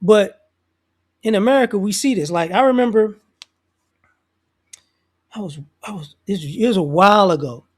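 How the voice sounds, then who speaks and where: A high-voiced man speaks at a moderate pace with long pauses, riffing loosely and slangily on society as a commentator. He keeps restarting his sentences and acts out other people's voices in quotes, in a casual off-the-cuff monologue.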